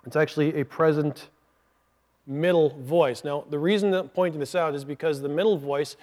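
A man's voice: fairly high pitch, normal speed, darkish tone. A man preaching a sermon as pastor, earnestly explaining a point step by step with asides.

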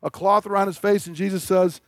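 Male pastor, high voice, dry close sound, conversational sermon with emphatic peaks. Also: fairly even intonation, fairly quick, no echo. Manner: conversational preaching, rising to emphatic declarations.

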